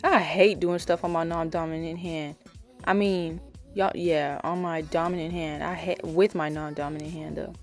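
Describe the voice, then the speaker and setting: A woman's voice: low voice, steady tone, moderate pace, faint music behind. A young woman chatting casually as a nail art vlogger, rambling with lots of fillers and self-corrections. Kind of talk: casual voice-over chat.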